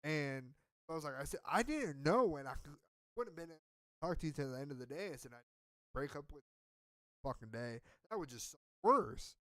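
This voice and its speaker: A man's voice: fairly high pitch, brisk, pauses often, sharp tone, no room sound. Profane rambling storyteller, a man. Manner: profane, rambling, self-mocking. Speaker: podcast co-host. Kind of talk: casual storytelling.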